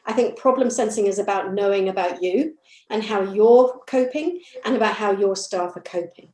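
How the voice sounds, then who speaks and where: A British woman chairing a panel, asking long, halting, searching questions. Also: mid-range voice, mellow. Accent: British English. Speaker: session chair. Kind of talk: panel moderation. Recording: roomy echo.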